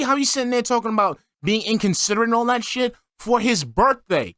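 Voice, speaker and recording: A man's voice: very high-pitched, expressive, brisk, a bit bright, no room sound, clean studio sound. A man giving a profane, exasperated reaction commentary as a streamer.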